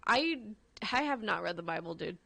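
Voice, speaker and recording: A woman's voice: fairly low pitch, animated, normal speed, vocal fry, a bit bright, no room sound. A woman radio host chatting casually on air in a wry, chatty way. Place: radio studio.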